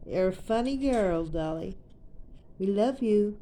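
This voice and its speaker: A woman's voice: mid-range voice, animated, slow, dark tone, slight background noise. Sing-song woman cooing at a pet. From Australia. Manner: sing-song baby talk to her parrot. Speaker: pet owner. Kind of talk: casual chat to a pet bird.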